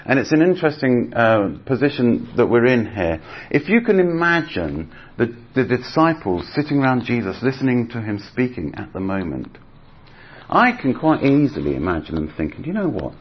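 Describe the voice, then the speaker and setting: A man's voice: medium pitch, big pitch swings, normal speed, husky. A man preaching a sermon in a chatty, conversational way, acting out voices as he retells stories. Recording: slightly dull audio with faint background noise.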